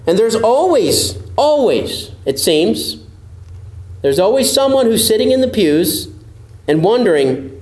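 A male pastor preaching with a high-pitched voice, earnest and emphatic. The room adds a noticeable echo around his voice, and he hammers home his points with conviction. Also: big pitch swings, a little slow, darkish tone. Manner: earnest, emphatic preaching that acts out quoted doubters in a higher voice. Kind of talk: sermon.

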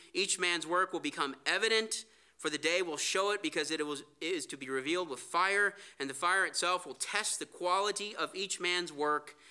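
A man's voice: on the high side, pushed and bright, clear, resonant tone. A man preaching a sermon, earnest, reading scripture aloud. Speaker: pastor.

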